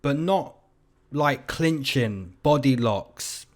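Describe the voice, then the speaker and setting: A man's voice: mid-range voice, animated, takes it slowly. A young man hosting his own show, giving casual, slangy fight predictions and betting numbers. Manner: chatty, slangy, hedging with "you know" and "man". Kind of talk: casual commentary.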